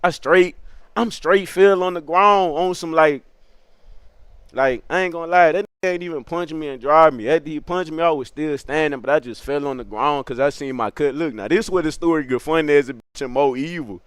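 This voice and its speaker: A man's voice: a little high, a little fast, clear, resonant tone, dry recording. Young man telling a crude hood story. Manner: animated, laughs often, crude slang. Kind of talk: casual comic storytelling.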